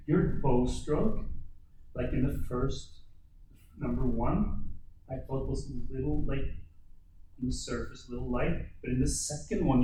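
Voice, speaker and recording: A man's voice: medium pitch, dark tone. Man teaching violin in an echoey room. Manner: encouraging, halting with many restarts. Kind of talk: one-on-one lesson feedback. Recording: very echoey, distant mic, violin playing.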